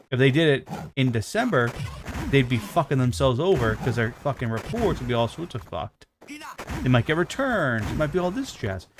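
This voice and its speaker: A man's voice: medium pitch, a little hiss or hum. A man streaming a video game, chatting casually with heavy swearing, ranting and mocking himself. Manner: profane, ranting, self-mocking. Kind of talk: casual gaming stream chat.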